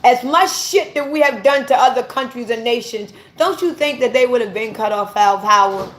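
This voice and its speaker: High-voiced woman ranting in an echoey room. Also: normal speed. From United States. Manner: ranting, profane, preachy. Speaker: vlogger. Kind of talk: impassioned monologue to viewers.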